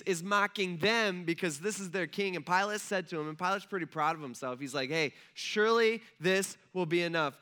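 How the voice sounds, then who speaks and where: A man's voice: high-pitched, bright, forceful tone. A male pastor giving a sermon as casual, conversational storytelling with slang, acting out the voices of the people in the story.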